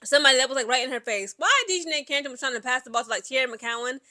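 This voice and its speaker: A woman's voice: sits high, rapid-fire, sharp tone. A woman giving a casual, chatty recap of a basketball game, talking in with lots of fillers and asides. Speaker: sports commentary vlogger. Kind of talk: casual sports recap chat.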